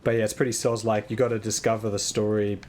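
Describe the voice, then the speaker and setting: A man live-streaming a game, chatting casually with viewers and thinking aloud in an excitable, rambling way, sometimes shouting at his in-game horse. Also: on the low side, fast, a little hiss or hum.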